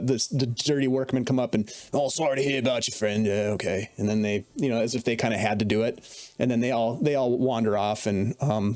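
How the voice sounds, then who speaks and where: A man narrating as dungeon master in a relaxed, chatty way, with many fillers. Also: mid-range voice. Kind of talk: narrating a tabletop game.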